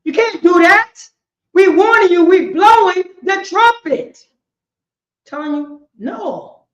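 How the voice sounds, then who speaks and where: Woman preacher, high voice, emphatic and repetitive, swings from shouting to quiet, roomy echo. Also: animated, slow pace. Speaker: teacher of a religious law class. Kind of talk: impassioned preaching lecture. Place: indoor meeting room. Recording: roomy, slightly dull lo-fi sound.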